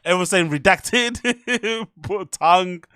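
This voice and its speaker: Speaking slowly in a notably high voice that is pushed, bright and smooth, a podcast host comments casually on clips during a livestream. He swears freely, laughs a lot, and sounds teasing and incredulous, recorded dry and close with no echo or room sound.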